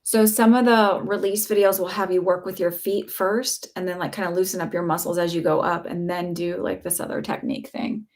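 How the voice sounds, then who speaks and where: A woman's voice: on the low side, little pitch movement, a little fast, few pauses, a little mellow. A woman giving a live psychic reading, chatty and reassuring, with lots of fillers. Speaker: psychic reader. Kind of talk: live-stream reading, casual chat.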